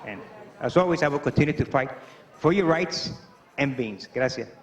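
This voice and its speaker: An actor playing a Puerto Rican stand-up comedian who tells rambling stories full of fillers. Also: male voice, medium pitch, normal speed, a crowd in the background, close to an everyday voice. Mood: storytelling. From Puerto Rico. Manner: rambling, animated storytelling with many fillers.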